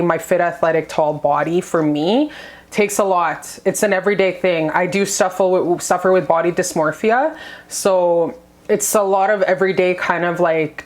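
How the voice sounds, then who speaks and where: A young adult woman talking candidly to her viewers in a confessional vlog, blunt and swearing freely. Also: fairly low pitch. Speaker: vlogger.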